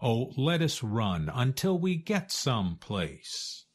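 Brief: panicky little hen in a storybook reading, played by a male narrator, high and urgent, unhurried. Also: sing-song, slightly rough, heavily acted. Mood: alarmed. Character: frightened little hen, breathless and insistent.

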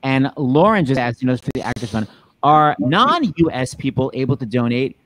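A man's voice: medium pitch, sing-song, moderate pace, a bit bright, no room sound, rough recording. A man hosting a casual video-call chat, teasing his guests. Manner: playful, teasing. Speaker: host.

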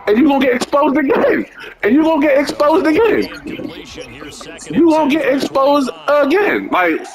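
This man's voice is very high-pitched and expressive, moving at a moderate pace as he profanely taunts and mocks his opponent in a football video game. It's casual headset trash talk, backed by the sound of the game's crowd and commentators.

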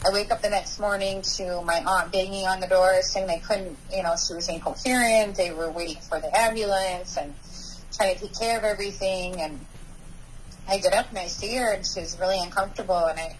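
A woman of ordinary pitch recounts her past in a halting, searching way, often pausing and starting her sentences over. She speaks as a guest on a recovery talk show. A faint hum of background noise sits under her voice. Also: low-quality recording. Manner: halting, with frequent restarts and pauses. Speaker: podcast guest sharing recovery story. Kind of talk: personal storytelling interview.

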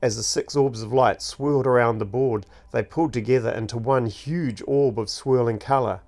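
A man narrating his own fantasy book, reading slowly and deliberately. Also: mid-range voice, a little mellow. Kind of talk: storybook narration.

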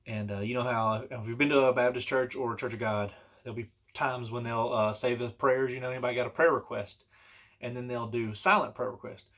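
A man's voice: medium pitch, steady tone, fairly quick, fairly bright tone. A man telling a personal story in a casual, rambling and earnest way, with many restarts and fillers. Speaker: vlogger telling personal stories.

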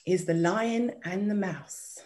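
A woman storyteller reading a children's story aloud, expressive, dropping to whispers and inviting listeners to join in. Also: mid-range voice, slow pace.

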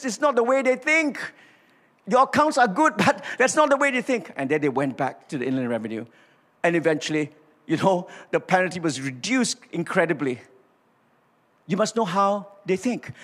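An older man with a Malaysian English accent preaching a sermon, acting out dialogue and calling on the congregation to respond. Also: high voice. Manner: animated storytelling, acts out dialogue, asks congregation to respond. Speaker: pastor. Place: large church auditorium. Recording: reverberant church hall.

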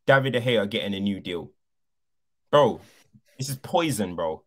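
Animated, emphatic man ranting about football. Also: on the low side, normal speed. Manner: animated, emphatic, repeats points for effect. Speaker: football podcast co-host. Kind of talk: passionate football debate.

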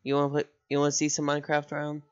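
A man's voice: fairly high pitch, completely flat delivery, racing, smooth, muffled recording. A man streaming games at home, rambling and repeating words as he thinks aloud over faint music. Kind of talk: casual gameplay commentary.

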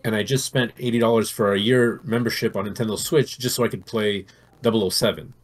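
Husky man rambling in casual chat. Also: fairly low pitch, brisk. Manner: rambling, animated storytelling. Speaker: podcast co-host.

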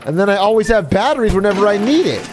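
Excitable, sarcastic male game streamer. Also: high voice, quick pace. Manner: excitable, sarcastic, swearing, laughing often. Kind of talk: live gameplay commentary. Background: game music.

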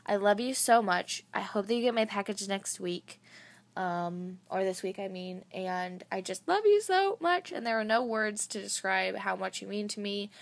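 A woman's voice: medium pitch, gravelly, dry recording. Gushing young woman, close and dry. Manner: gushing, excited, rambling. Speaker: vlogger. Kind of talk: casual unboxing chat.

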